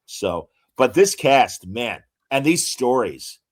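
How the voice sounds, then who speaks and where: A man's voice: medium pitch, big pitch swings, slow pace. A man co-hosting a podcast, chatting casually and reeling off trivia with many filler words. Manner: enthusiastic, trivia-heavy, lots of fillers. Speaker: podcast co-host. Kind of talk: casual chat.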